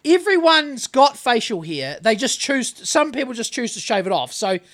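A podcast co-host with a very high, sing-song voice at normal speed, a bit bright, rants bluntly and swears constantly during casual chat.

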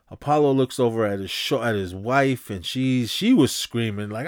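Male podcast host, casual film recap, animated and rambling, acts out scenes, average pitch, dry recording. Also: moderate pace, hardly any pauses, no echo. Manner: animated storytelling, acts out scenes with sound effects; loose and rambling, many fillers and restarts.

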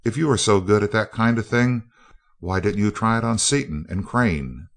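A man voicing a snarling, cowardly thug in a spoken story. The voice is deep, growling and rough, turning shrill when he is cornered. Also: normal speed. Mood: frightened, shrill. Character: surly, cowardly male thug. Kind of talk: audiobook character voice.

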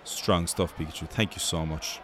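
An Irish man with a very low voice runs his show like a sports pundit. He rambles and jokes, swearing freely. The delivery is loose, casual banter. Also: steady tone, moderate pace, a crowd in the background, background noise. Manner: profane, joking, rambling banter. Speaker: host. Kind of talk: mock sports commentary.

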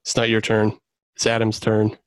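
A man's voice: on the low side, monotone, moderate pace, smooth, dry recording. A man hosting a casual trivia game among friends, announcing the rules and giving rulings while laughing at the players. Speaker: quiz host.

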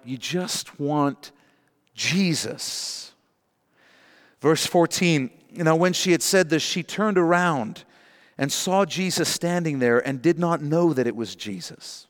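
A pastor with a fairly high voice delivers an earnest, emotional sermon, performing the voices of the people he quotes. A long reverb tail trails after his words.

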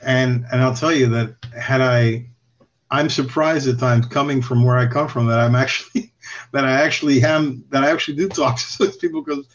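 A man's voice: mid-range voice, steady tone, moderate pace, a little hiss or hum. A man guest telling stories in casual chat, rambling and swearing with chuckles. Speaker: podcast guest. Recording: slightly dull lo-fi recording.

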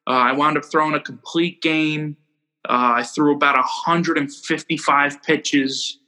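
Young male ballplayer guest, slightly high, bright, rambling storyteller. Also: poor audio. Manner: rambling, animated, quick to laugh at himself. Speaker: baseball pitcher guest. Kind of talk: casual storytelling interview.

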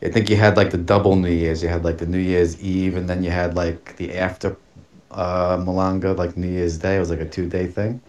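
A man's voice: low-pitched, flat delivery, a little fast, a little mellow. A man telling a long personal story on a podcast, casual and rambling, with many fillers, restarts and laughs.

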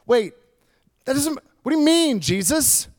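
Preacher doing bewildered followers, questions climbing high, a sermon aside. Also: male voice, moderate pace, in a large hall. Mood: incredulous. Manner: questioning, disbelieving, rising voice. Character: baffled, incredulous group of male followers.

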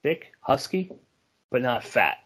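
A man's voice: medium pitch, big pitch swings, slow, a bit bright. A middle-aged man from New York co-hosting a podcast, talking in a rambling way and often hunting for the right word. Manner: rambling, hesitant, searches for words. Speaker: podcast co-host. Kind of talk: casual chat.

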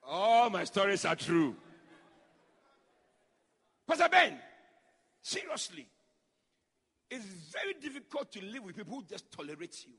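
A male pastor preaching a sermon, acting out quotes and shouting lines for emphasis. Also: high voice, big pitch swings, slow pace, pauses often, husky, big-room sound. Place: church.

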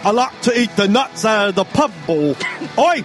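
A man's voice: high-pitched, very animated, normal speed, over music. A man doing a comic impression of a crude Irish woman wrestler in a shaky put-on Irish accent, blurting "oi" and "hello" over and over. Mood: mocking. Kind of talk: comedic impression.

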